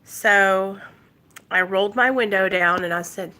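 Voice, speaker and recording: A woman's voice: medium pitch, unhurried, bright, forceful tone. A woman from Arkansas telling an emotional story on her recovery vlog and talking straight to her viewers. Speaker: recovery vlogger.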